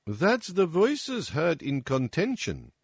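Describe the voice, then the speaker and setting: A man voicing a calm, analytical male detective who lays out his reasoning in a measured, lecturing way, as in an audiobook. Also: fairly high pitch, creaky, breathy edge, dry recording, studio quality, pitched above the performer's own voice, exaggerated voice. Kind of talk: audiobook character reading.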